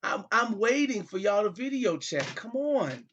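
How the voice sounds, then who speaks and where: A man's voice: sits high, big pitch swings, unhurried, fairly bright tone, slight background noise. Pleading exasperated man, dull lo-fi sound. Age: middle-aged. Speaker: comedy show host. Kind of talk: comedic monologue as a father on a call.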